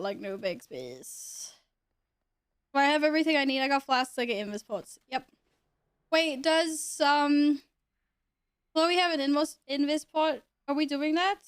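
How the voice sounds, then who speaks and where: A woman streams a game and chats with her audience in a loose, teasing way, laughing often. Her voice sits high. The sound is dry and close, with no room around it. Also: clean tone, no room sound. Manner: chatty, greets viewers and jokes with them. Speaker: live streamer. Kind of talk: casual live-stream chat while gaming.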